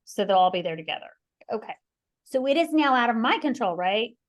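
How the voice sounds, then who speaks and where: A woman in her forties hosts a conversational podcast. She tells stories expressively, slipping into quoted voices of her family and herself. Her delivery is rambling and animated, with restarts and bursts of laughter along the way. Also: on the high side, brisk. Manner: animated storyteller who acts out quoted voices. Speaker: podcast host.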